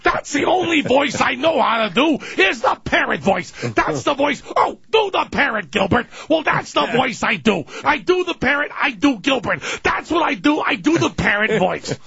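Man putting on a shrill shouting comedian, high strained yell, husky edge, dry dull recording. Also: big pitch swings, moderate pace, few pauses, no echo, full character voice. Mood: exasperated ranting. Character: shrill, exasperated male comedian ranting.

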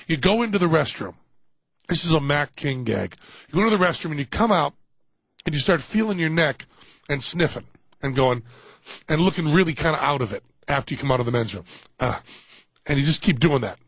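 A man hosting a radio talk show, chatting casually and telling gags with animated acted-out voices. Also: a little high, fairly quick, pauses often, husky, dry recording. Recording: dull lo-fi radio broadcast.

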